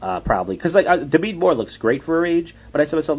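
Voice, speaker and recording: A man's voice: fairly high pitch, big pitch swings, fast talker, slightly rough. A young man, hosting a casual podcast and telling rambling, profane stories. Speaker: podcast host and comedian. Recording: dull lo-fi audio.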